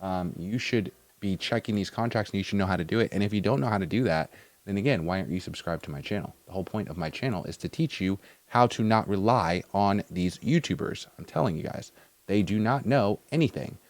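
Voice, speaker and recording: A man giving casual, animated crypto market commentary to his viewers, swinging between loud and soft. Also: deep voice, a little fast, no echo. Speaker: crypto YouTuber.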